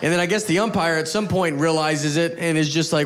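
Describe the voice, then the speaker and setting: A man's voice: fairly high pitch, a little fast, background noise. A man performing a stand-up comedy set, telling self-mocking stories in a laid-back way. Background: audience laughter.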